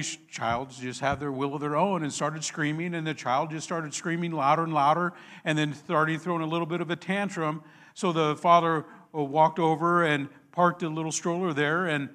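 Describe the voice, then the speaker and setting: A pastor delivers his sermon in an easygoing, chatty way, telling stories and laughing at himself. His voice sits a little higher than most men's. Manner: conversational, warm storytelling with self-deprecating laughs.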